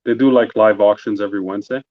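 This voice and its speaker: Male co-host, lowish voice, playful ribbing, dull lo-fi sound, dry. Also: fairly even intonation, no echo. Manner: teasing, quick to laugh. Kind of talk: casual chat.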